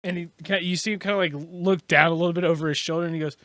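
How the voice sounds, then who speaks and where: A bright, high-voiced man running a tabletop game, narrating with lively swings in pitch and frequent laughter. The sound is dry and close, with faint music playing underneath. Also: very fast, dry recording. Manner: animated, laughing, rambling narration. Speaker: game master.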